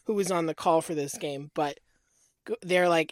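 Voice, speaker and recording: A woman's voice: low-pitched, normal speed, no room sound. A woman co-hosting a sports podcast with a wry, sarcastic manner in casual banter. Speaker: podcast co-host.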